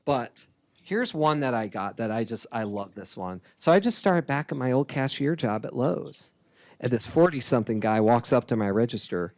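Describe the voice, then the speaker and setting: A man giving a keynote talk as a comic artist, lively and chatty, laughing often. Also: medium pitch, normal speed. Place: conference hall stage.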